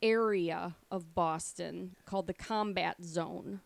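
A woman's voice: lowish voice, slow pace, gravelly, dry recording. A woman hosting a casual podcast, steadily telling a story from her notes and patiently handling interruptions.

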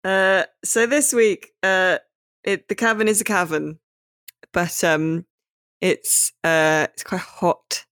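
A man's voice: high voice, fairly even intonation, slow pace, bright, forceful tone, smooth, dry recording, clean studio sound. A man hosting a podcast in casual chat, rambling and hesitant with many fillers. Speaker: podcast host.

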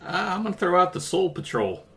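A man co-hosting a casual talk show, knowledgeable and steady, fixing details as he tells stories. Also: high voice, fairly quick, vocal fry. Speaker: podcast co-host. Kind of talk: casual chat about wrestling.

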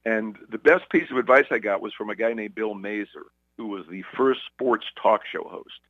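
A man in his seventies from Brooklyn, telling relaxed anecdotes about his career in an interview. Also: fairly low pitch, moderate pace, no echo, narrow, tinny audio. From Brooklyn, New York. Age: 70s. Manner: relaxed anecdotal storyteller, acts out quoted voices. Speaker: sportscaster guest. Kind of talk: casual interview storytelling.

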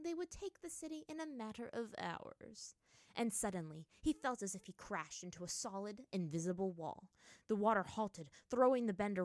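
A woman's voice: on the low side, no room sound. Woman narrating a story, dry sound. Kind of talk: reading fan fiction aloud.

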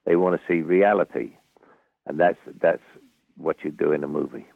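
Gravelly, very deep older Cockney man. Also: fairly even intonation, dry recording. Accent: Cockney London. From London, England. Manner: rambling, halting with restarts, dry humour. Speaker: guest actor. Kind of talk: anecdotal storytelling. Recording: tinny phone-like radio audio.

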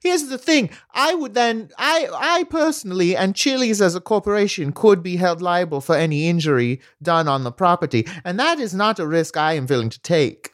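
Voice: medium pitch, lively intonation, moderate pace, hardly any pauses, no room sound, studio quality, close to an everyday voice. A performer putting on a German accent to play an earnest, formal job applicant in improvised comedy.

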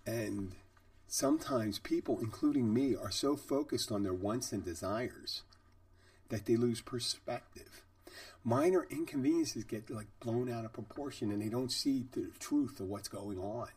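A man's voice: mid-range voice, measured pace, a little mellow, no echo, distant mic. A middle-aged man, a bartender hosting a podcast, telling stories and reflecting in a rambling, conversational way. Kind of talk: reflective storytelling monologue.

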